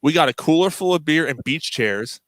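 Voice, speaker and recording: The recording is dry as this podcast host, speaking at a moderate pace, tells a story during casual chat. He stays animated and voices the quotes himself, jumping in pitch for each.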